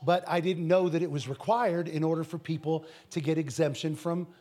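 Animated minister with a higher voice. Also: male voice, a little fast. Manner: animated, rising to shouted scripture with audience call-outs; repeats and restarts words often. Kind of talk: testimony storytelling at a church Q&A.

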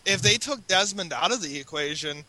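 A man's voice: high-pitched, expressive, brisk, bright, forceful tone, poor audio. A man co-hosting a podcast, chatting casually in a rambling, self-correcting way. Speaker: podcast co-host. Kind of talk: casual chat.

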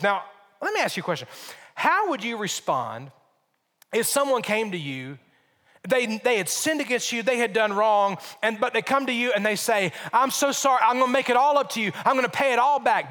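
A male pastor with a high voice delivers a sermon. He stresses his points, repeats phrases and asks his listeners rhetorical questions. His voice rings with the long reverb of a large hall. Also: fairly bright tone.

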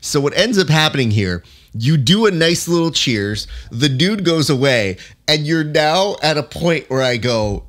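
A man's voice: on the high side, expressive, unhurried, a bit bright. A man hosting a casual chat, playfully critiquing a guest's celebration and acting out quotes in silly voices. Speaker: podcast host reviewing a guest's clip.

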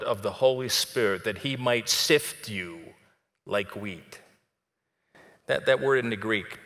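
A man preaching a sermon in a conversational way, dropping soft and then rising to emphatic. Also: lowish voice, big-room sound. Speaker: pastor.

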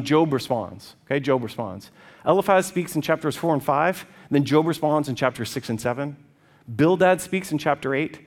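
Speaking in a voice on the high side, a man preaches a sermon in an animated, conversational way, often checking in with his listeners.

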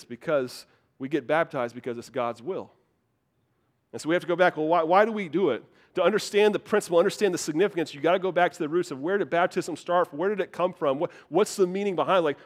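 A man preaching a sermon, telling a joke with animated storytelling and repeating key lines for emphasis. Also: a little high. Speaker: pastor.

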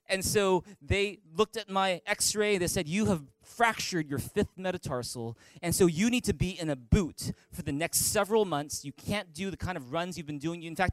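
High-voiced pastor telling a lively story. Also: male voice, dry recording. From Canada. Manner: animated storytelling with playful humor and quick repetitions. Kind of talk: sermon. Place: large church hall.

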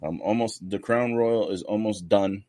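A man's voice: lowish voice, moderate pace, dark tone, no echo. A man co-hosting a casual podcast, rambling loosely and swearing freely as he chats. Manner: loose, profane, rambling banter. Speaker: podcast co-host.

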